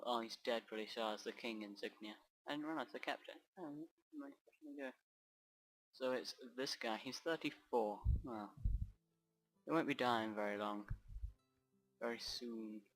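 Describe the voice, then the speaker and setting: A man's voice: mid-range voice, a bit bright, poor audio. A man giving rambling let's play commentary over a strategy game, often trailing off and restarting his sentences. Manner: rambling, off-track, self-interrupting.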